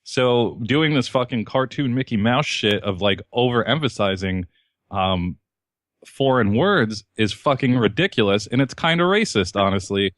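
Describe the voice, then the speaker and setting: A man's voice: medium pitch, animated, normal speed, fairly bright tone, no room sound, clean studio sound. A man co-hosting a podcast in casual chat, ranting in a profane, exasperated way. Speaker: podcast co-host.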